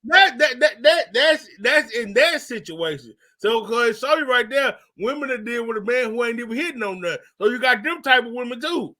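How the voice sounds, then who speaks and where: Very high, bright-voiced man co-hosting. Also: animated, brisk, hardly any pauses. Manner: emphatic, repeats words for emphasis. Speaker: podcast co-host. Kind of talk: casual podcast chat.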